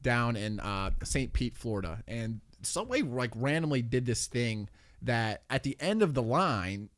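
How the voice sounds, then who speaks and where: Podcast guy telling a lively story, cracks himself up. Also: medium pitch, measured pace. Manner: animated anecdote teller who laughs at his own stories. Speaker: podcast co-host. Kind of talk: casual chat.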